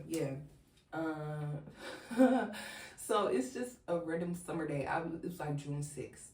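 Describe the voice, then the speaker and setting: A woman's voice: low voice, a little mellow, roomy sound, distant mic. A young woman telling a personal story in casual chat, filling it with "like" and talking straight to her viewers. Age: young adult. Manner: chatty storytelling, heavy "like", addresses viewers as y'all. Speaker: vlogger.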